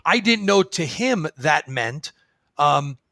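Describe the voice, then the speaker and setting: Man, fairly high voice, animated storyteller, acts out quotes, dry close-mic sound. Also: slow pace, gravelly, no echo. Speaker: guest, phone service business owner. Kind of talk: conversational podcast interview.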